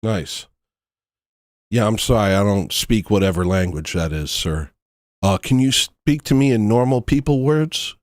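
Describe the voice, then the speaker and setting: A man's voice: fairly low pitch, expressive, measured pace, no room sound, clean studio sound. A man hosting a livestream, ranting in a blunt, rambling way with frequent restarts. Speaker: livestream host. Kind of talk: casual livestream rant.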